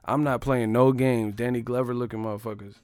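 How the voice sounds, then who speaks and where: A man's voice: medium pitch, steady tone, brisk, a little mellow, clean tone, dry recording, studio quality. A man hosting a live stream, riffing on chat with profane, laughing commentary.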